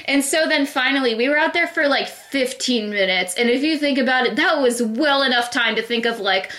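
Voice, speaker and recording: A woman's voice: high voice, a little fast. Laughing young woman telling a story. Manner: animated, self-deprecating, laughs often. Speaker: podcast co-host. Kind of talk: casual storytelling.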